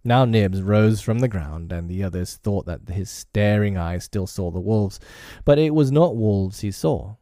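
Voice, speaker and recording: A man reading a children's storybook aloud in an expressive storytelling manner. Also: on the low side, unhurried, no room sound, clean studio sound. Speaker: narrator.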